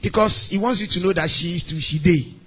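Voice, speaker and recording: Man, Ghanaian English accent, pastor, animated sermon, high voice, sing-song delivery. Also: a little fast. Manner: animated, acts out mock phone calls and scenes.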